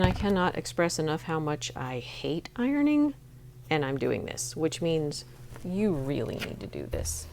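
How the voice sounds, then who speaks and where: A middle-aged woman with a low, gravelly voice hosts a sewing tutorial, with a slight hiss or hum in the audio. She chats encouragingly while demonstrating each step at her machine.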